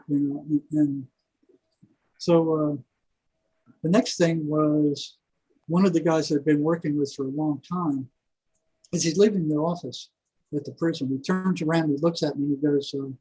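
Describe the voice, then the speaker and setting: An older man telling a long story in a rambling, animated way, full of fillers and asides. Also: a little high, moderate pace, long pauses, breathy edge, poor audio. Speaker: guest, former prison psychology worker. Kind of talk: casual storytelling interview.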